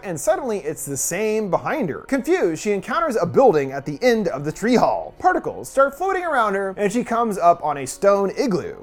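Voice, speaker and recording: A woman narrating a scripted movie recap, dropping wry, sarcastic asides. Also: medium pitch.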